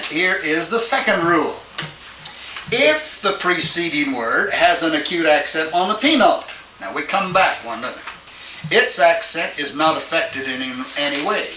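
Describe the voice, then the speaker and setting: Slow, bright-voiced male lecturer, echoey room. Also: a little high, slight background noise. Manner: explains step by step, asks checking questions. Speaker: Greek teacher. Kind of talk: classroom lecture. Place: classroom. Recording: echoey classroom from a distance.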